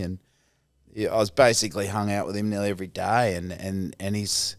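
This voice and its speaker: A man in his forties with an Australian accent, chatting as a podcast guest. His voice sits fairly low and sounds dry and close. He rambles through his anecdotes, swears easily and laughs as he goes. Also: level tone, normal speed, no echo. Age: 40s. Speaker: actor guest. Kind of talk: casual podcast chat.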